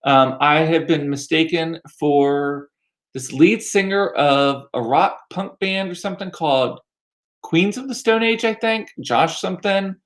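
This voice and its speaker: A man in his forties telling stories in a chatty, irreverent way, laughing often. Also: on the high side. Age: 40s. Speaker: vlogger. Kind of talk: casual storytelling.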